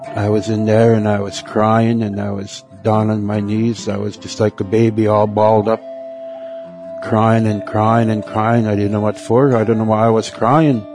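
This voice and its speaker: A middle-aged man telling his personal faith testimony in a halting way, repeating words and letting phrases trail off. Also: lowish voice, little pitch movement. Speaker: testimony speaker. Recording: soft guitar music behind.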